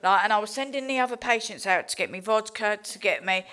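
A woman's voice: mid-range voice, fast talker, pushed and bright. An English woman giving a candid, heartfelt recovery testimony, swearing freely and telling her story with animation. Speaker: recovery speaker.

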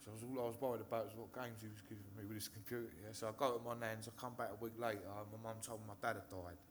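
A man's voice: lowish voice, steady tone, rapid-fire, a little hiss or hum. An English man from Hertfordshire telling his recovery story to a live audience, nervous, swearing often and restarting his sentences. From Hertfordshire, England. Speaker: speaker sharing recovery story. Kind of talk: personal testimony to a live audience. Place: stage in a meeting hall.

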